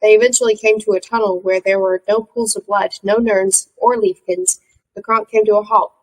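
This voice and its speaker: A woman reading a novel aloud in a steady storytelling manner. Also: mid-range voice, normal speed, rough recording. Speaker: audiobook reader.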